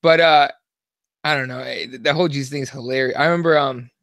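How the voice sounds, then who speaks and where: A man co-hosting a casual comedic podcast, telling profane stories in an animated way. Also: mid-range voice, fast talker, dry recording, studio quality. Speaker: co-host.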